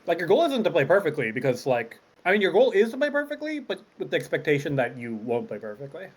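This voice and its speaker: A man coaching chess in a relaxed, teasing, casual way. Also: a little high, fast, breathy edge.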